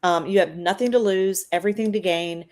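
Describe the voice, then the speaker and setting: A woman's voice: on the low side, steady tone, brisk, a little mellow. Earnest woman in her fifties. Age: 50s. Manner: earnest, persuasive, preachy. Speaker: guest. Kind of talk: casual interview chat.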